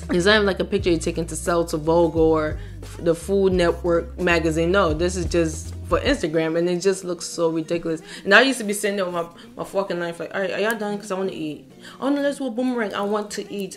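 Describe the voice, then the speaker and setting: A young woman talking casually to her viewers, chatty and animated, acting out little exchanges as she goes. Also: lowish voice. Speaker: vlogger. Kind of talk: casual talk to camera.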